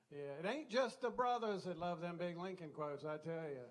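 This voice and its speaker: A man's voice: a little high, normal speed. An older man with a Southern US accent doing a folksy stand-up routine on a comedy club stage, full of chatty "you know" asides.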